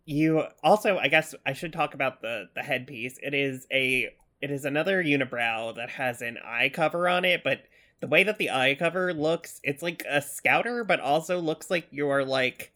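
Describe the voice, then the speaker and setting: A man co-hosting a casual podcast, describing things in detail with frequent ums and pauses. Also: a little high, bright, forceful tone. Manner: descriptive, hesitant with many ums. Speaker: podcast co-host.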